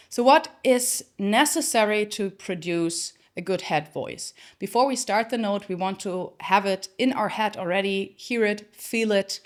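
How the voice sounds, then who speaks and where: Unhurried woman voice coach. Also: medium pitch. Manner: explains step by step, slips into singing examples. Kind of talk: singing lesson with sung demonstrations.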